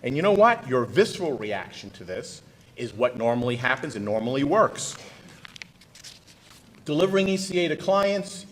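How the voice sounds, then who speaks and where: Lively, punchy middle-aged male lawyer. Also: mid-range voice, slight background noise, rough recording. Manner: folksy, punchy, talks straight to the audience. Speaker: trial lawyer presenting at a legal seminar. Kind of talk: conference presentation.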